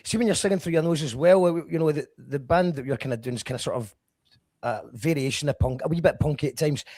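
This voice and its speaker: Fast-talking male host. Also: on the high side, darkish tone. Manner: chatty, self-deprecating, many restarts. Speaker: podcast host. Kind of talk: casual chat.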